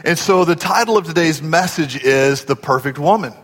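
A man's voice: on the high side, moderate pace, in a large hall. A man preaching a sermon as pastor, folksy and conversational, often asking the congregation questions.

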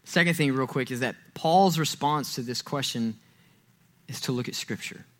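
A man preaching a sermon in a church, talking casually, acting out quoted voices and getting louder and higher when he stresses a point. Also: normal speed. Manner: conversational, acts out quoted voices, rises loud and high when stressing. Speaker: pastor. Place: church sanctuary.

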